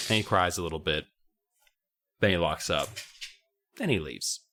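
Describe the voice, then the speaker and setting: A man's voice: deep voice, pushed and bright, slight background noise. A man co-hosting a comedy podcast, chiming in with wry, profane remarks. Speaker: podcast co-host. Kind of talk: casual comedic chat.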